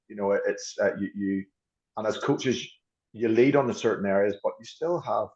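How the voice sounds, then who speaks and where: A man's voice: fairly low pitch, gravelly, a little mellow, lo-fi sound. A man who coaches rugby, talking through ideas as a podcast guest, often restarting and repeating words as he thinks. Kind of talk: podcast discussion.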